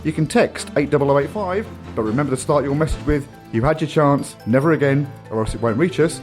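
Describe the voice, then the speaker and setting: A man's voice: a little high, lively intonation, a little fast, faint music behind. A man co-hosting a fan radio show, giving out contact details with dry mock-serious jokes. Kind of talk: jokey contact-details read-out.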